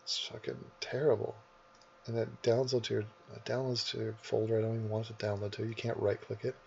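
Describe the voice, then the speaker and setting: A man's voice: on the low side, little pitch movement, a little fast, gravelly, a little mellow, dull audio, slight background noise. A man rambling and swearing in casual commentary as he edits a video, with many asides. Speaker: YouTuber. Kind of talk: casual commentary while editing. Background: keyboard typing.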